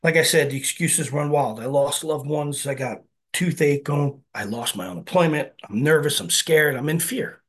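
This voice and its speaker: A man's voice: a little high, moderate pace, fairly bright tone, breathy edge. A man giving an earnest, conversational personal share at a recovery meeting, often checking in with his listeners. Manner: earnest, conversational, keeps asking "right?". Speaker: speaker sharing at a recovery meeting.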